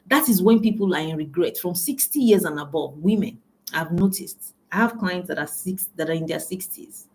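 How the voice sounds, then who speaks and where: A woman giving a motivational talk as a business coach, emphatic and repeating phrases for stress, calling her listeners ladies and gentlemen. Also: lowish voice, animated, moderate pace, a little hiss or hum.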